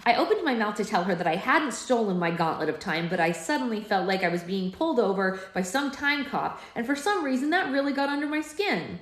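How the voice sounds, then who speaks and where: A woman's voice: on the high side, sing-song, brisk, hardly any pauses. A woman hosting a live book club, reading chapters aloud with playful, chatty asides. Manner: chatty, playful, goes off on tangents. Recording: roomy echo.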